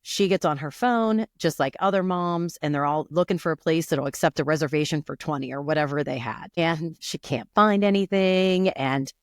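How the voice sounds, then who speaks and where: A woman in her forties co-hosts a podcast and tells stories in an animated, chatty way, slipping into the voices of the people she describes. Her pitch jumps around a lot, and her voice sounds dry and close to the mic. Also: moderate pace, hardly any pauses, no echo. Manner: animated storytelling, acts out quoted voices. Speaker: podcast co-host. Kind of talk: casual chat.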